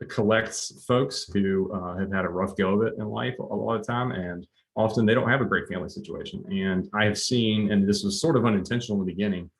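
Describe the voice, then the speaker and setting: A man's voice: fairly low pitch, brisk, few pauses. A middle-aged man gives a leadership webinar talk in a conversational way, full of fillers and restarts. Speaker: leadership coach.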